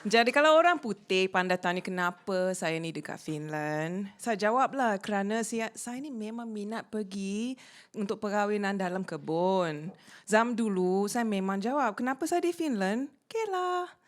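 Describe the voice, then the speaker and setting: A woman's voice: medium pitch, moderate pace. A woman from Malaysia doing playful, teasing, mock-boastful stand-up comedy on a small theater stage.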